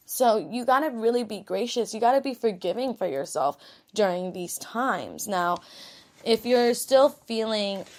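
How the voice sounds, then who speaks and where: Tired young new york woman, podcast host, candid rambling pep talk, swears a lot. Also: mid-range voice. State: tired after a workday. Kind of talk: casual self-help pep talk.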